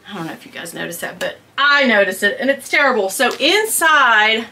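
A woman chatting casually to camera at home, gushing and squealing with excitement as she unboxes a handbag. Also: fairly high pitch, a little fast.

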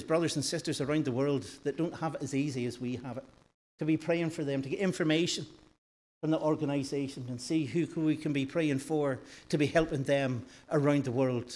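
A man preaching a sermon in a church, rising loud for emphasis and dropping soft and slow. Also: mid-range voice. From northern Ireland.

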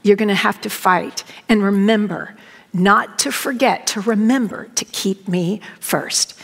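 A woman quoting God speaking gently but firmly to her heart, in a quiet, earnest tone. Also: medium pitch, measured pace, vocal fry. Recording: long reverb of a large hall.

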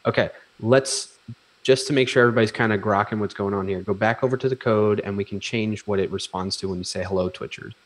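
Low-voiced man giving coding instructions. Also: quick pace. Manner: relaxed, dry joking, gives instructions. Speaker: co-host guiding the demo. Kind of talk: casual live coding chat.

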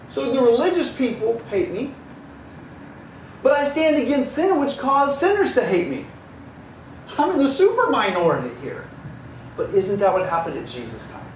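A man's voice: very high voice, a little hiss or hum. A pastor preaching a sermon in a conversational way, with wry asides and voices for the people he quotes. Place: church sanctuary. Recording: roomy church sound from a distance, faint ambience.

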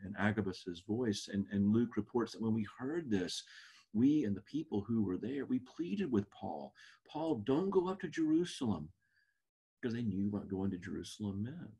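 A man's voice: lowish voice, a little mellow, slightly rough. A man teaching a Bible class lesson in an earnest, reflective way.

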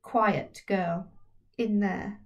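A woman's voice: medium pitch, steady tone, very slow, far from the mic, muffled recording. Woman putting on a cranky old lady, curt and bossy, kinda off-mic. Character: grumpy very old woman who never smiles.

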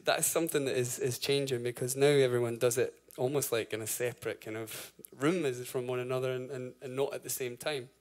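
Male band frontman, 30s, mid-pitched, loose stage patter full of "um" and "like", casual cursing. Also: fairly even intonation, brisk, hardly any pauses. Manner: chatty, full of fillers, swears and laughs. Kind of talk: rambling stage banter between songs. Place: live concert venue.

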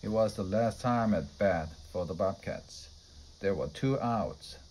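Low-voiced man reading a storybook. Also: measured pace, a little hiss or hum, rough recording. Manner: steady, plain reading. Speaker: storybook reader. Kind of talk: children's story read aloud.

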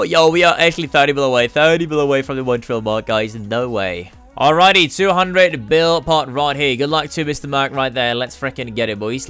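A man giving excited commentary on his own gambling gameplay, cursing freely and swinging between cheering and groaning. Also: medium pitch, clear, resonant tone. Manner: hyped, swears a lot, swings from yelling to groaning. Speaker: gaming YouTuber.

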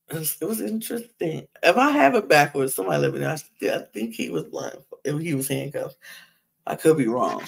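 A woman's voice: medium pitch, vocal fry, husky. A woman hosting a podcast, giving a casual gossipy recap of a reality show, chatty and laughing often. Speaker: podcast host.

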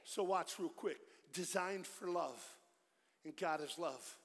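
A middle-aged man giving a lively, joking evangelistic sermon at a church concert, swinging from loud storytelling to hushed pleading. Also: a little high, slow. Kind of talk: energetic evangelistic sermon with jokes. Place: large church concert hall. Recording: live church hall with long reverb.

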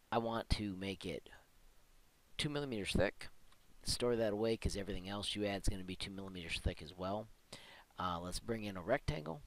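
A man hosting a software tutorial, talking through each step in a chatty, upbeat way. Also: low-pitched, low-quality recording. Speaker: tutorial host. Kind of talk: screen-recorded software tutorial.

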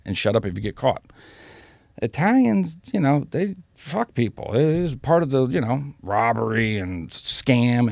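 Man, low gravelly voice, blunt profane storyteller; dry podcast mic. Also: a little mellow, no echo. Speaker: podcast guest. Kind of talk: storytelling in a casual interview.

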